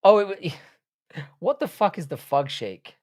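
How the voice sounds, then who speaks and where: Blunt, sweary young streamer. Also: male voice, high voice, big pitch swings, slow pace, a little mellow. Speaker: livestream host. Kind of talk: casual live-stream chat reading viewer comments.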